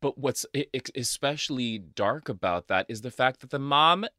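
Bright-voiced man podcast co-host. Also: mid-range voice, normal speed, dry recording, clean studio sound. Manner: expressive and emphatic, with frequent fillers and Spanish interjections. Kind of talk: casual chat reacting to a film.

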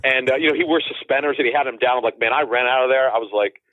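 A man's voice: mid-range voice, steady tone, very fast, fairly bright tone, no room sound. A man in his forties, a guest calling in, telling stories in a rambling way with lots of restarts. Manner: rambling, many restarts and asides. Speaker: guest, football insider. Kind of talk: casual storytelling interview. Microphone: phone call. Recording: tinny phone line, dry.

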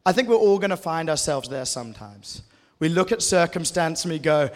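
A man's voice: on the high side, lively intonation, brisk. A male preacher giving an earnest, reassuring sermon in a conversational way to a church audience. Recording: echoey hall.

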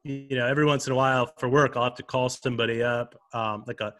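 An easygoing man co-hosting a joking news podcast. His voice is bright and clear. He makes his remarks in a dry, wry way. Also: mid-range voice, steady tone, fast, soft background music. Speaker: podcast co-host. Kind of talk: casual comedic news chat.

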